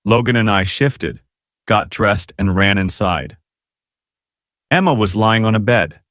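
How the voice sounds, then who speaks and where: A man narrates a first-person romance audiobook. His voice is low yet lively, with wide swings in pitch and a dramatic, emotive delivery. The recording is dry and close, with no room echo. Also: a little slow.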